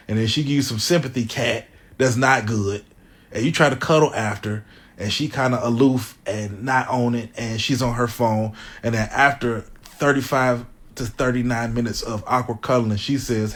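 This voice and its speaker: A man's voice: medium pitch, moderate pace. A man on a podcast telling a made-up story in vivid, slangy casual chat.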